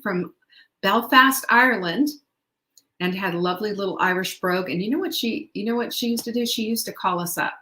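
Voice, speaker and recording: A woman's voice: lowish voice, sharp tone. A middle-aged woman hosting a motivational talk, chatty and upbeat, who laughs often and asks the listener questions. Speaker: host. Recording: echoey room.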